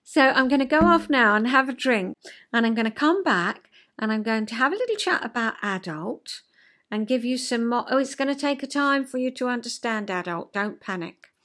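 An older woman chatting at home to her viewers, her voice sitting a touch high. She tells stories expressively and homely, slipping into lively dialogue. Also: moderate pace. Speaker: host. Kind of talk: casual chat.

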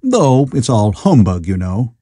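A man reads as a doubtful Victorian psychologist. He muses sceptically, with a lively pitch and a mellow tone. The sound is dry and close. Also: a little slow, husky, no echo.

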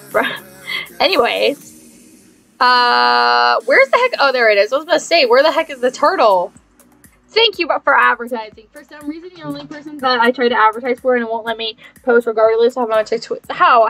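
A woman's voice: a little high, normal speed, vocal fry, a bit bright. A young woman live-streaming a game, chatting casually with a mock-dramatic, sarcastic delivery and lots of repeated phrases. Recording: faint music behind.

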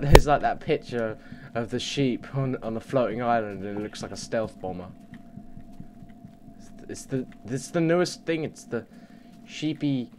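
A young man commentating on his game at home, muttering and swearing, with sudden loud yells. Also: mid-range voice, a little hiss or hum. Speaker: let's play gamer. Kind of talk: casual gameplay commentary. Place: home computer desk. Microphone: desk mic under the monitor.

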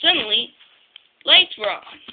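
Lively high voice telling a homemade story. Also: female voice, unhurried. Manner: animated, stumbling reading with sound effects. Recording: tinny, lo-fi, hissy home recording.

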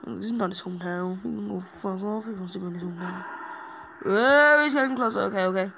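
Brief: young male gaming host, gravelly voice, swears constantly, jumpy horror let's-play energy, faint hiss behind. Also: sits high, quick pace, sharp tone, rough recording. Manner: heavy swearing, rambling, easily startled into yelps.

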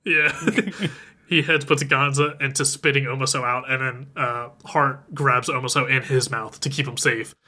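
In this casual chat, a podcast co-host recaps a film, loosely retelling the plot and acting out the characters' lines. His mid-range voice has a sharp tone, fairly even intonation, and a normal speed.

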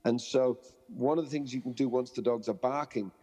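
This man, a dog trainer, speaks a little fast in a mid-range voice with a breathy edge, and a long reverb tail trails his words. During a podcast interview he tells lively stories, imitating both people and dogs.

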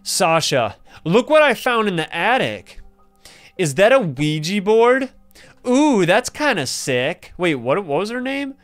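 A young man who runs a gaming channel reads in-game story dialogue aloud and reacts excitedly, laughing and gasping often. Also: sits high, a little slow. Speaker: gaming YouTuber. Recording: faint background music.

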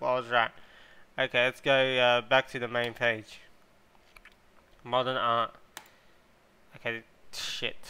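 A man hosting his gaming channel, chatting casually as he plays, getting excitable, thinking out loud and swearing freely. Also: medium pitch, vocal fry, smooth. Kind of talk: casual gameplay commentary.

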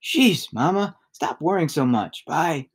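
A man's voice: on the high side, animated, takes it slowly, husky, pitched above the performer's own voice, exaggerated voice. A man reading aloud and voicing an exasperated, teasing father.

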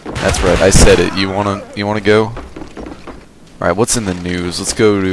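A young man talks over a video game in a loose, rambling way, swearing freely and drifting between tangents, and he sounds tired. His voice sits a little low. Loud gunfire and explosions from the game play clearly behind him. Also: flat delivery, moderate pace, very noisy. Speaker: gameplay commentator. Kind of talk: casual rambling commentary over gameplay.

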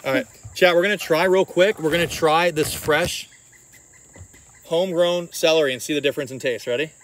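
A man's voice: fairly high pitch, a little fast, fairly bright tone. Joking man in an outdoor garden. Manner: joking, swears, addresses chat. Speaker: vlog host. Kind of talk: casual outdoor gardening vlog. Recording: outdoor noise, crickets and birds. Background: crickets and birds.

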